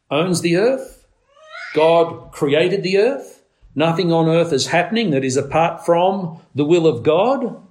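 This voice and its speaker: Man, sermon, slightly high voice, slow emphatic stresses. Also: darkish tone. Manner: preaching with slow emphatic stresses, rising to urgent highs. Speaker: preacher.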